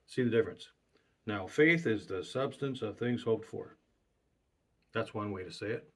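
A man's voice: fairly low pitch, normal speed, a bit bright. A man preaching a sermon, stressing his points by repeating key phrases.

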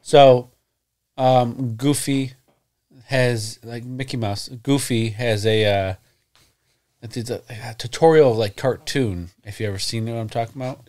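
A man's voice: medium pitch, fairly even intonation, measured pace, darkish tone. A man co-hosting a podcast, chatting casually and cutting in with crude jokes and teasing. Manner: jokey interjections and crude teasing. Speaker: podcast co-host. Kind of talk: casual joking chat.

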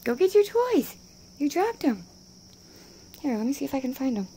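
A woman's voice: high voice, sing-song, moderate pace, warm tone, slight background noise. A woman who rescues wildlife, talking in sing-song baby talk to her animals and laughing often as she films them on her phone. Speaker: wildlife rehabilitator. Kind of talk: casual talk to animals while filming.

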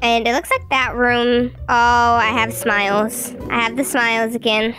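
A young woman commenting on a video game as she plays, excitable and shrieking when scared. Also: on the high side, measured pace, few pauses, music in the background. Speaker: gaming video host.

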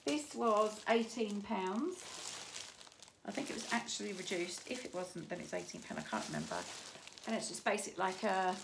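A woman's voice: medium pitch, sing-song, moderate pace, creaky, noisy background. A woman in her fifties with grandchildren, chatting casually and rambling through a shopping haul with many restarts. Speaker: vlogger showing a shopping haul.

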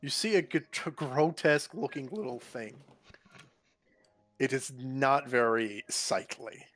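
A man playing in a tabletop role-play, with deadpan in-character talk. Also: mid-range voice, takes it slowly, dry recording, soft background music. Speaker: player.

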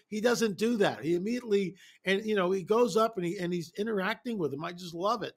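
A man speaking as an interview guest, telling stories in an animated, emphatic way and repeating phrases for effect. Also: high-pitched, a little fast. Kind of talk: casual interview storytelling.

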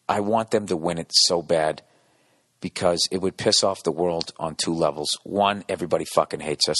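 A man's voice: low voice, no echo. American guy ranting on his podcast, swears a ton, sarcastic, dry close mic sound. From United States. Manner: profane, sarcastic, swings between mumbling and excited. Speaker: podcast host. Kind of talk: rambling solo podcast monologue. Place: hotel room.

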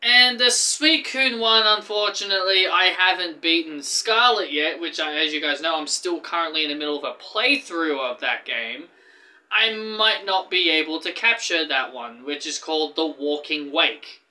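An eager man chatting through gaming news on his channel, tripping over his words and starting sentences again. His voice sits high and rings very bright and sharp. He sounds like he can barely contain his excitement. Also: normal speed. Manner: excitable and rambling, with frequent restarts. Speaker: gaming YouTuber. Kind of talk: casual gaming news vlog.

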